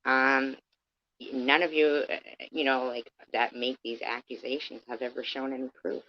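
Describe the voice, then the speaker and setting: With a bass voice, a level tone and normal speed, a woman confronts her critics head-on in a profane livestream rant. Her manner is heated and confrontational as she addresses them directly, and the sound is dull and lo-fi.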